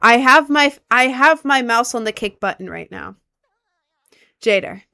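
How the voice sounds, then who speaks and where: A young American woman with slight Southern and New York touches, chatting casually as a gaming streamer and repeating excited exclamations. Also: a little high, a little slow, vocal fry, soft background music. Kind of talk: casual live-stream chat.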